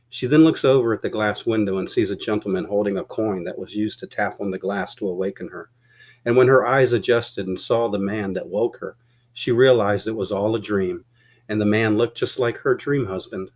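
A man narrating a short love story as an audiobook, in a steady, plain reading voice. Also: fairly low pitch, normal speed.

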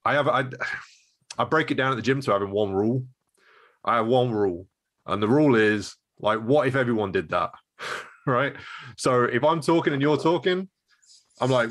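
A man's voice: mid-range voice, brisk, fairly bright tone. A man who runs a martial arts gym, talking casually and thinking aloud, with lots of "like" and "you know.". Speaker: martial arts coach and show co-host. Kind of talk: casual podcast chat.

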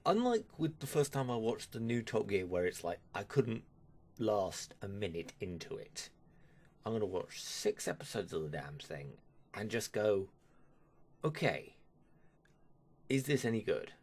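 Slow, grumbling male vlogger. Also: on the low side, big pitch swings, a little mellow. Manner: grumbling, dismissive, trailing off with sighs. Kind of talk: casual opinion vlog.

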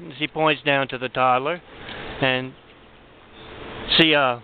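Brief: high-pitched male joke teller, animated, tinny phone-line audio. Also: moderate pace, pauses often. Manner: animated, does voices. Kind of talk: comic storytelling. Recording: tinny phone-like sound, faint noise.

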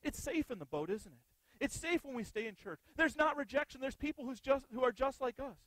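A man's voice: extremely high pitch, expressive, a little fast, fairly bright tone, dry recording, rough recording. A male pastor preaching an earnest sermon, often putting rhetorical questions to the congregation.

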